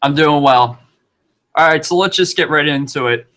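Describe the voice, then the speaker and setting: Polite man asking questions, bright tone. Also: fairly high pitch. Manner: polite, slightly halting. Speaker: interviewer. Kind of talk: interview questions.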